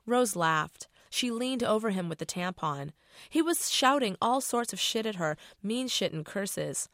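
A woman's voice: medium pitch, a bit bright, no echo, studio quality. A middle-aged woman author reading her novel aloud in a casual, profane first-person voice.

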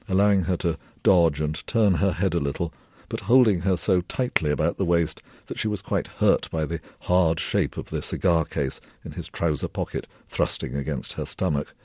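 A novelist reading a passage of his own fiction aloud in a measured, low-key way. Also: warm tone, slightly rough, no room sound. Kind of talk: literary reading.

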